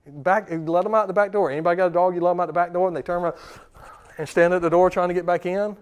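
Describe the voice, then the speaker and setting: A man's voice: high voice, fairly even intonation, clean tone. A man in his thirties, a dog trainer, giving a seminar talk and acting out commands and dogs' thoughts. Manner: forceful, acts out commands and dog thoughts in quick voices.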